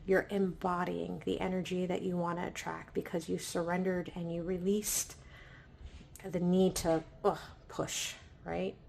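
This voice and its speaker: A woman giving a pick-a-pile tarot reading in a gentle, affirming way, often checking in with "right?". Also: on the low side, flat delivery, unhurried, creaky, a little hiss or hum. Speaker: tarot reader.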